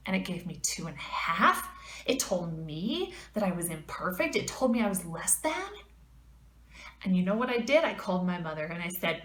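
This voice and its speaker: Woman, fitness vlogger, casual storytelling, animated and emphatic, mid pitch, roomy echo. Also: normal speed.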